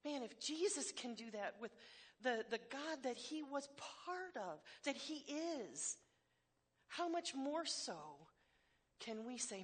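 A woman's voice: sits high, expressive, slow, breathy edge. Woman preaching a candid sermon. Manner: candid, self-deprecating humor with emphatic repetitions. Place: church hall before a congregation.

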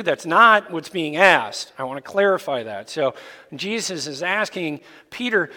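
A man preaching a sermon as pastor, explaining scripture in a deliberate, emphatic way. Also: fairly high pitch, animated, pushed and bright. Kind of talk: expository sermon. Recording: long reverb in a large hall.

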